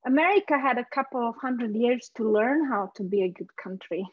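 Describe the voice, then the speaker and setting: A woman's voice: a little high, expressive, a little fast, phone-quality sound. A woman from Romania with a Romanian accent, a guest in a casual podcast conversation, chatty and laughing easily.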